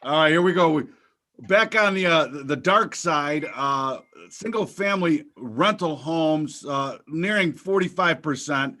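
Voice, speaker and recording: A man hosting a casual show about the markets, with a bright, slightly high voice. He jokes freely and rambles, stacking fillers and restarts. His delivery is loose and conversational. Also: measured pace. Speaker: podcast host.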